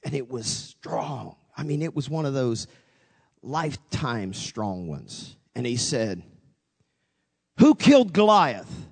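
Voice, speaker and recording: A man's voice: mid-range voice, animated, slow, gravelly, a little mellow, husky, long reverb tail. A pastor preaching a sermon, telling a story with dramatic swings, acting out both his own voice and God's. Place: church sanctuary.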